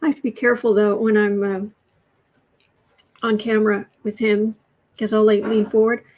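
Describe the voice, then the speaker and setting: With a mid-range, darkish voice that moves little in pitch, an American livestream host reads political headlines at normal speed. She sounds exasperated, keeps the stream casual and coos to her cat.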